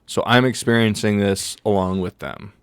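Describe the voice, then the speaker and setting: A podcast co-host tells a rambling story amid casual banter, laughing often. His voice is lowish, smooth and fairly bright, with fairly even intonation and a moderate pace, recorded dry and at studio quality.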